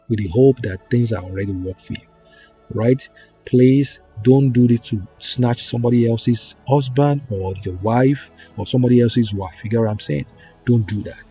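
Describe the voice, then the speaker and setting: A man slowly teaching viewers a prayer ritual, coaxing them along and often checking in with "okay?" and "right?". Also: mid-range voice. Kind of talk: slow instructional prayer teaching. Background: soft background music.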